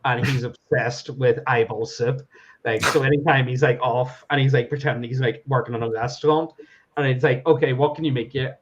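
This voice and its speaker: A man talks in a loose, rambling way, laughing often and swearing. His voice sits at a middle pitch. The audio is dull and lo-fi. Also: steady tone, moderate pace, noisy background. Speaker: podcast guest. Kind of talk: casual chat.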